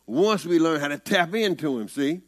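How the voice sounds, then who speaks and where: A man's voice: a little high, expressive, moderate pace. A man with a Southern US accent, preaching a conversational sermon in a folksy, rising-and-falling way.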